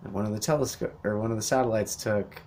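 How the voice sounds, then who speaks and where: A man's voice: on the low side, fairly even intonation, fast, vocal fry, a little mellow, slight background noise. A young man hosting a podcast, delivering a rambling, profane rant with sarcastic asides. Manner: rambling, sweary, sarcastic mock voices. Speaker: podcast host. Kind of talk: profane ranting monologue.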